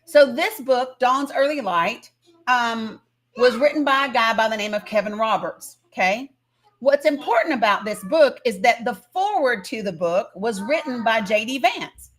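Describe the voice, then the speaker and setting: A woman's voice: a little high, animated, moderate pace. A woman from Northeast Tennessee hosting a political live stream, talking emphatically and insistently while greeting viewers in the chat.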